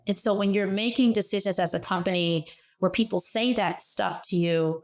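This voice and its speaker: A middle-aged woman speaking as a guest in an interview, telling lively personal stories from her working life. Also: mid-range voice, moderate pace. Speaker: guest, former startup CEO. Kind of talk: conversational interview.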